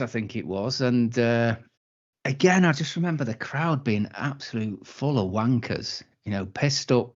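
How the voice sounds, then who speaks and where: A man's voice: mid-range voice, lo-fi sound. A man with a Manchester accent, chatting casually on a podcast, blunt and wry. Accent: Mancunian. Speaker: podcast co-host. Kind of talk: casual chat.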